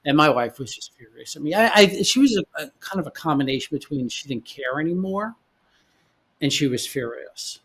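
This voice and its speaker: A man in his forties, a podcast guest, telling his own story in a halting way, often repeating words as he goes. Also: medium pitch, a bit bright, husky. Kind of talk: candid personal storytelling.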